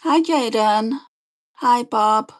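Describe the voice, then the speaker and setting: Chatty lady doing her makeup live, talks fast, rambles, reads out comments. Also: a little high. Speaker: beauty livestreamer. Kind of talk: casual chat while doing makeup and reading live comments.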